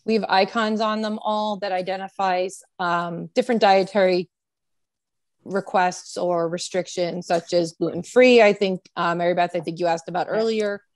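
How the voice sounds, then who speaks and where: A woman's voice: lowish voice, fairly even intonation, normal speed, dry recording. A woman explaining her personal chef service on a video call, with many fillers.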